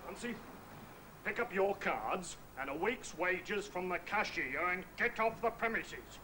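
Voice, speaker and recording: A man's voice: high voice, lively intonation, measured pace. An actor playing a bossy factory foreman who gives curt, commanding orders. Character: bossy, high-handed factory foreman, adult man. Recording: hissy old television broadcast.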